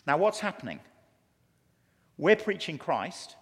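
English man, preacher, lively storytelling sermon, slightly high voice, long hall reverb. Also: a little fast. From England. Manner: animated, storytelling with acted quotes. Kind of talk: conference sermon. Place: large conference hall.

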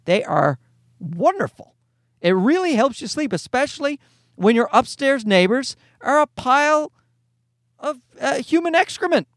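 A man's voice: very high voice, very animated, measured pace, no room sound, studio quality. A man in his thirties hosting a podcast, ranting in a casual comedic way, exasperated and profane, rambling with restarts. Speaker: podcast host.

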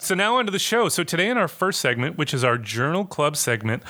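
Bright-voiced joking podcast host, a man. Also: on the high side. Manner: chatty, joking, quick asides. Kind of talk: casual podcast chat.

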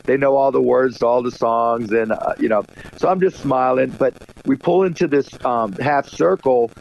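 A man's voice: mid-range voice, normal speed, creaky, a little mellow. A man being interviewed, telling a long, rambling story with lots of "you know", in casual chat. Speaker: guest. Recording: dull lo-fi line with faint noise.

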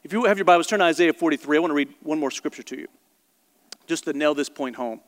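High-voiced Southern preacher in a reverberant hall. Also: male voice. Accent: Southern American. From American South. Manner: earnest preaching with slow emphatic stresses. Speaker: pastor. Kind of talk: sermon. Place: church.

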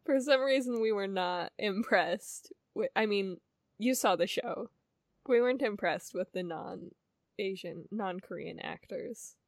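A woman's voice: mid-range voice, a little slow, no echo, clean studio sound. A woman co-hosting a podcast in casual chat, wry and laughing often. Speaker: podcast co-host.

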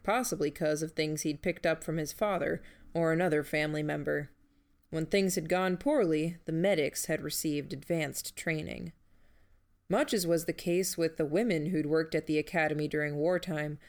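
A woman narrating a first-person story in a dry, measured manner. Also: low-pitched. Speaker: audiobook narrator.

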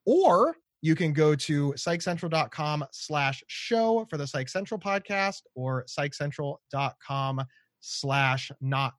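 An American man chats as a podcast guest, upbeat and joking while he plugs his own book. His voice sits a little high for a man. The sound is dry and close, with no room around it. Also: dry recording. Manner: animated, self-promoting, joking. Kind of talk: casual podcast chat.

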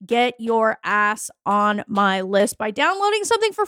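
A woman's voice: fairly high pitch, sing-song, unhurried, a bit bright, dry recording, studio quality. A woman hosting a podcast as a fertility coach, giving a blunt, profane, hyped-up motivational pep talk. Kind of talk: motivational solo podcast monologue.

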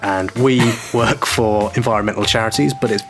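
A man's voice: lowish voice, moderate pace, soft background music. A young man co-hosting an environmental podcast, jokey and enthusiastic, laughing often. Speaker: podcast co-host. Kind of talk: casual chat.

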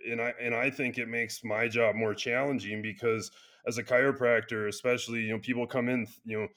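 A chiropractor being interviewed, talking earnestly in a casual conversation with loose restarts and frequent fillers. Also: male voice, medium pitch, flat delivery, brisk, fairly bright tone. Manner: earnest, speaks in loose restarts with many "you know" fillers. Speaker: chiropractor and clinic founder.

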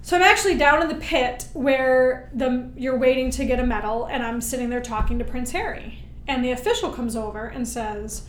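A woman guest, a military veteran, telling her story in an animated, emphatic way and often checking in with "right?". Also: fairly high pitch, moderate pace, a little hiss or hum. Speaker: interview guest, military veteran and Paralympic-style powerlifter. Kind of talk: storytelling in conversation. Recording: roomy echo.

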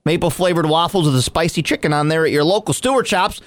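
Male radio host, high and bouncy, jokey banter, dry close studio mic. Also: fast talker, dry recording. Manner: animated, jokey, reads weather and sponsor spots. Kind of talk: casual morning radio banter and live reads.

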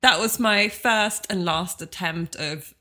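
A woman's voice: fairly low pitch, slow pace, sharp tone. A woman co-hosting a podcast, telling stories in a chatty, self-deprecating way. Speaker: co-host. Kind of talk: casual podcast chat.

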